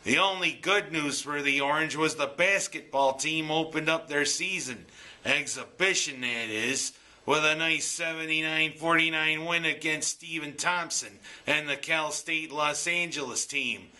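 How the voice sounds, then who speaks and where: A man's voice: on the high side, pushed and bright. A man ranting about his local football team's loss in an exasperated, joking sports monologue. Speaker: sports commentator.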